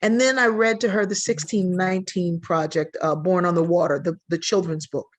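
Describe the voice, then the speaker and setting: A woman's voice: lowish voice, moderate pace. An older woman, a sociologist guest on a podcast, telling stories with energy and acting out the voices she quotes. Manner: animated, acts out quoted voices. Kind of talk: storytelling in a podcast interview.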